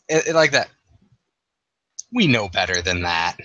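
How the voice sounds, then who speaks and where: Slow, bright-voiced male game master. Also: on the low side, sing-song, no room sound, highs cut off. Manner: drawn-out, halting narration with fillers. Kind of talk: narrating a tabletop game.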